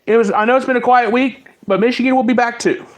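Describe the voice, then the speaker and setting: High-voiced man ranting about football. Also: fairly even intonation, fast talker. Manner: fiery, taunting, repetitive. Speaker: podcast host. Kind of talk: solo sports talk rant.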